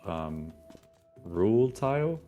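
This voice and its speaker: A man's voice: fairly low pitch, sing-song, slow, narrow, tinny audio, soft background music. A man with an American accent, a game developer guest, talking casually and hesitantly with many fillers. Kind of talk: casual conversation.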